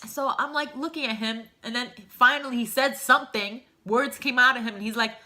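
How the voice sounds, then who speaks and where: A woman's voice: fairly high pitch, a little fast, hardly any pauses, pushed and bright. A woman vlogger telling a personal story to camera in a candid, emotional, rambling way. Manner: emotional, heartfelt, rambling with fillers.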